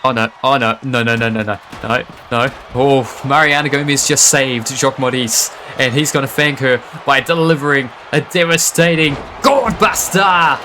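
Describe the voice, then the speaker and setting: A man calling a wrestling match live, excitable and quick to laugh and exclaim. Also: medium pitch, a little hiss or hum. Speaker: wrestling commentator. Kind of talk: live play-by-play commentary.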